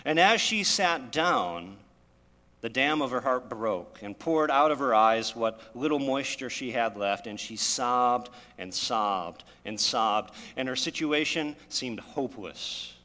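A man's voice: medium pitch, lively intonation, slow pace, sharp tone. A man preaching a sermon, retelling scripture with dramatic storytelling and rising emphasis. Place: church. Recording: long hall reverb.

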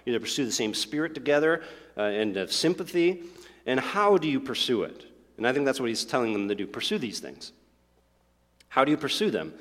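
An earnest male pastor delivering a sermon in a church sanctuary, his mid-pitched voice trailing off in a long hall reverb. He presses his points with emphatic rhetorical questions. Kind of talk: sermon with prayer.

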